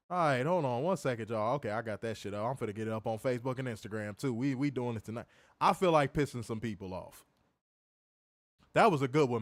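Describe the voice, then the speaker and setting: Co-hosting a live wrestling review stream, this man is casual and profane, laughs often, and reads viewer super chats aloud. His voice sits at a medium pitch, with no echo on the recording.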